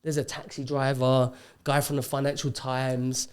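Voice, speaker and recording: A man, a podcast guest telling a story in casual chat, animated and acting out what people said. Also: mid-range voice, normal speed, clean tone. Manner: animated storyteller, acts out quotes.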